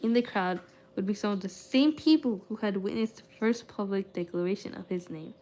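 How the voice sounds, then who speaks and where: A woman's voice: medium pitch, a little fast, dark tone. A young woman streamer reads a book aloud with frequent stumbles and restarts, then breaks off into loose, casual chat with her viewers, full of "like" and "I don't know".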